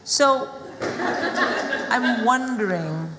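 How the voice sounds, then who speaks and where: A woman's voice: on the high side, expressive, extremely slow, bright, forceful tone. A woman from India, moderating a live panel and telling anecdotes with frequent laughter. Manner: chatty, laughing through anecdotes. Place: stage in a large hall with live audience. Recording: echoey hall, noisy room.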